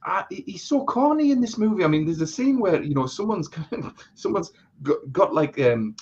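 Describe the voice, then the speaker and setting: A man's voice: high-pitched, big pitch swings, moderate pace, darkish tone, highs cut off, a little hiss or hum. A man co-hosting a casual live chat, blunt and sweary, with a lot of restarts. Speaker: co-host.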